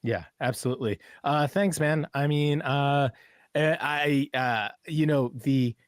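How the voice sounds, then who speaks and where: A man contributing from a studio, talking in a relaxed, hesitant way with many fillers. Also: on the high side, unhurried, dry recording. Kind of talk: casual radio chat.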